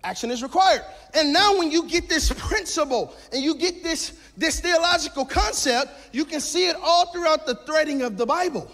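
A man pastor preaching a lively sermon, shouting his key points and mixing in jokes. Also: very high-pitched, moderate pace, hardly any pauses. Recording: long hall reverb.

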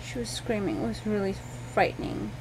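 A woman's voice: medium pitch, very animated, brisk, noisy background. Tired chatty mother vlogging at home. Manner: chatty, talks straight to viewers, rambling. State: tired, unwell. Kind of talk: casual home vlog chat. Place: home at night.

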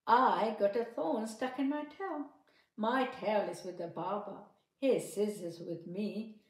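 A woman voicing a small, pushy, wandering male mouse in a storybook with bright, pleading sing-song lines. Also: mid-range voice, takes it slowly, lightly acted. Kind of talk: storybook narration. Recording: echoey room.

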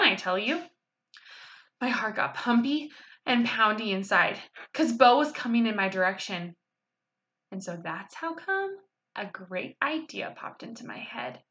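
A woman reading a children's book aloud in an expressive, animated way, with casual asides. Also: medium pitch, unhurried. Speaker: reader.

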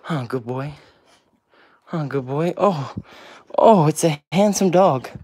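A man's voice: a little high, expressive, slow, mellow, slightly rough. A man hosting a casual livestream with viewers, answering comments one by one and cooing baby talk at his pets. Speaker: pet vlog host.

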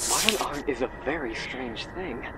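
An actor voicing a calm, wry male explorer in a video game. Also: mid-range voice, moderate pace, crowd noise, natural voice, rough recording. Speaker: game character.

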